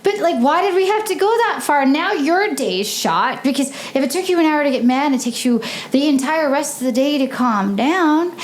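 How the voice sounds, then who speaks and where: Woman podcast guest, emphatic and animated, fairly high voice that swoops widely. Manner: animated, emphatic, rhetorical questions. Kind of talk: impassioned advice in podcast conversation.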